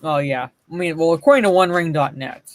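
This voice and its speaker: A man's voice: on the high side, fairly quick, no room sound. A man co-hosting a casual online chat show, reading comic panels aloud with sarcastic, swearing commentary. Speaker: podcast co-host.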